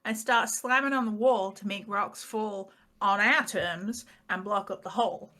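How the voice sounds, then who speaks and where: A British woman recapping a tabletop game in casual, rambling chat, self-mocking and quick to laugh. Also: medium pitch, pushed and bright. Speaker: player giving the recap.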